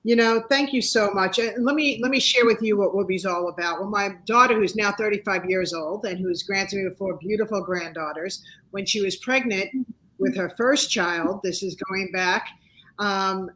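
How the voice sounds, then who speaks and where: A woman in her sixties, a talk-show guest telling personal stories in an animated, motivational way. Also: mid-range voice, moderate pace, low-quality recording. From United States. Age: 60s. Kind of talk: casual interview chat.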